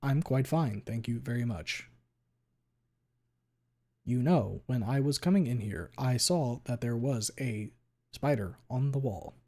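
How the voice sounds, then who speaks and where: A man imitating a monotone text-to-speech machine voice, slow and carefully enunciated. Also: mid-range voice. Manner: slow, over-enunciated, each word separated.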